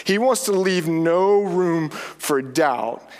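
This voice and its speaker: A man delivers a sermon in a fairly high voice, retelling the story with lively, playful asides. His voice carries a long reverb, as if spoken in a large hall. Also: normal speed, hardly any pauses. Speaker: pastor.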